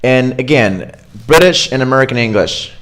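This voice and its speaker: A man teaching English pronunciation in an online accent lesson, repeating example words slowly and chatting casually with fillers. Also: medium pitch, animated, fairly bright tone.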